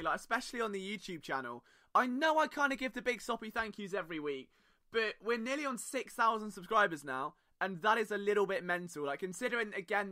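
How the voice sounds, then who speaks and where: Bright high-voiced British young man. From Britain. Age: young adult. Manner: sarcastic, self-mocking, rambling asides. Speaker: podcast host. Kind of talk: casual solo podcast monologue.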